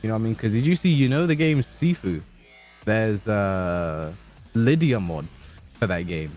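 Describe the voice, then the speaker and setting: A man commentating a fighting-game tournament stream in joking, animated banter with his co-host. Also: fairly low pitch, normal speed, soft background music. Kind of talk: casual esports commentary.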